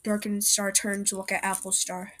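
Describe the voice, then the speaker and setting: A young woman reading her own cat story aloud in first person, earnest and slightly halting. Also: mid-range voice, monotone, a bit bright.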